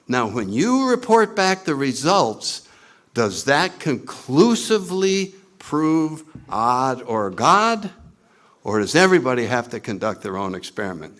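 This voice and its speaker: Recovery meeting speaker, man, wry and self-mocking, animated voice with lots of swing. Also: mid-range voice. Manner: animated, acts out his own past lines in put-on voices. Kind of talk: storytelling talk to a meeting audience.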